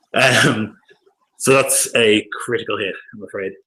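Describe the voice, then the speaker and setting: A man's voice: medium pitch, slow pace, bright, forceful tone, rough recording. A man narrating as dungeon master of a tabletop game, loose and hesitant, full of ums and likes.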